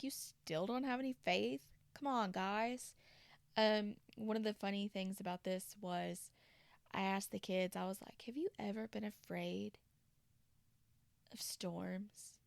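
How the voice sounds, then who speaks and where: Chatty woman with gravelly edge. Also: medium pitch, no echo. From Tennessee. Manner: chatty, animated storytelling with asides. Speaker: podcast host. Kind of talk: casual chat retelling a story.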